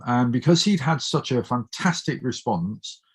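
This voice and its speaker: A man's voice: medium pitch, lively intonation, measured pace, slightly rough. A middle-aged man with a Bristol accent, chatting openly as a guest and telling personal stories in an anecdotal way. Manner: chatty, anecdotal, open and warm-hearted. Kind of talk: casual storytelling chat.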